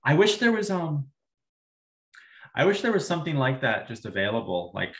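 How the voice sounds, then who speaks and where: A man, a social worker, talking through his thoughts in a casual podcast conversation, halting and restarting his sentences. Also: mid-range voice, sing-song, reverberant.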